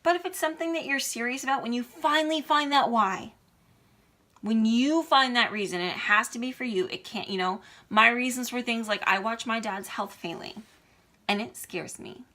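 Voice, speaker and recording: A woman's voice: fairly high pitch, moderate pace, bright, forceful tone. A woman talking earnestly and emotionally to her viewers, encouraging them in a heartfelt vlog. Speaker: vlogger. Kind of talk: heartfelt motivational vlog talk.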